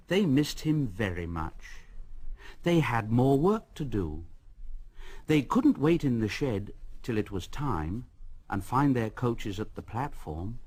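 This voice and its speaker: Slow, expressive male storybook narrator. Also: mid-range voice, breathy edge. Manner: expressive, with lively rises and falls. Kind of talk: storybook reading.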